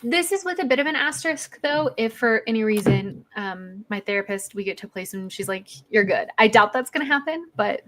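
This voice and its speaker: Chatty woman streamer, high voice. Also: lively intonation, a little fast, hardly any pauses, noisy background. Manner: chatty, reads viewer comments aloud. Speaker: livestream host. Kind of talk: casual chat on a livestream.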